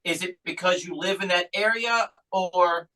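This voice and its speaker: A man's voice: high-pitched, normal speed, a loud crowd, poor audio. A male podcast host asking rambling questions in casual chat. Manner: rambling, restarts his questions.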